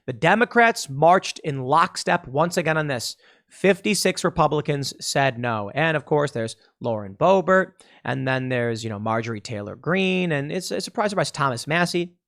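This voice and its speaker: A man's voice: on the high side, a bit bright, dry recording, clean studio sound. Sarcastic man hosting political commentary. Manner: sarcastic, conversational, reads out vote lists.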